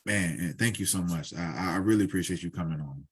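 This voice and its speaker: A male co-host of an interview show who speaks haltingly and repeats words as he thanks his guest. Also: deep voice, slightly rough. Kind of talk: casual interview chat.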